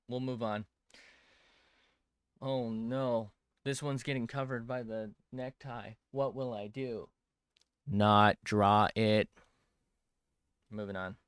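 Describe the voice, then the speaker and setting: A man's voice: medium pitch, smooth, dry recording, studio quality. A young man streaming while he draws, rambling to chat, mocking himself and swearing often.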